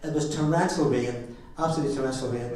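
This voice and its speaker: Speaking fast in a mid-range, darkish voice, a middle-aged Northern Irish father of the bride chuckles through jokey stories in his wedding speech. The reception hall is very echoey and he is far from the microphone.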